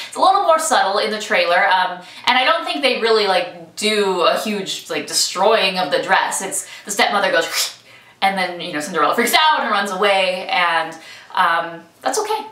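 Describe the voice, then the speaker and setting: A woman's voice: mid-range voice, sharp tone. A woman chatting enthusiastically and casually as she reviews a film trailer. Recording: echoey room, mic at some distance.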